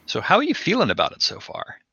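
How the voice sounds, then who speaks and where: A man hosting a casual podcast chat, relaxed and conversational, asking his co-player questions. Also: a little high, fast talker, creaky, breathy edge, dry recording, highs cut off. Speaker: podcast host.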